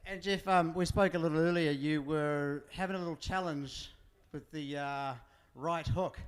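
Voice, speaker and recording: A man's voice: fairly high pitch, steady tone, normal speed, clean tone, dry recording. A man interviewing drivers at a racetrack, chatty and upbeat. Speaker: pit lane interviewer. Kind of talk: live event interviews. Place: outdoors at a racetrack.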